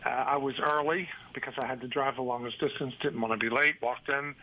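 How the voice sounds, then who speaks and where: Guy with a bright voice telling a story slowly, lots of ums. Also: mid-range voice, fairly even intonation, low-quality recording. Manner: measured, halting with many ums. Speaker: regular radio guest. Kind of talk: radio storytelling.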